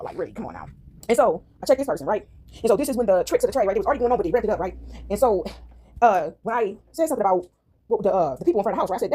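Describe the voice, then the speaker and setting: A woman vlogger telling her viewers a long, animated story in a rapid monologue, often tagging her sentences with a questioning "right?". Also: medium pitch, slightly rough.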